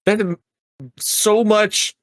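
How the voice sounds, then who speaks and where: Man, casual reaction chat, animated ranting, swearing, higher voice, dry close recording. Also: very slow, no room sound. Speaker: co-host of a reaction show.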